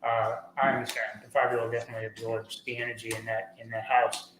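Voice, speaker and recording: A man's voice: mid-range voice, completely flat delivery, fast talker, roomy sound, noisy background. A middle-aged man, a podcast guest, talking earnestly in a rambling casual way with many fillers and restarts. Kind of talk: casual conversational interview.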